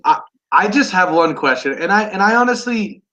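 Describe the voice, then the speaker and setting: A young man hosting a casual sports chat with friends, eager and quick to restart his sentences. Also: high voice, animated, pushed and bright, slight background noise, poor audio. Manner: enthusiastic, restarts often. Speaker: sports podcast host. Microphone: online call.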